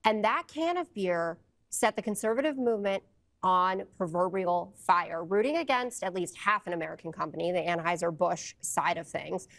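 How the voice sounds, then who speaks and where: A woman's voice: fairly low pitch, normal speed, a bit bright. A female panelist builds her case in a studio debate. She argues firmly and methodically, one point after another.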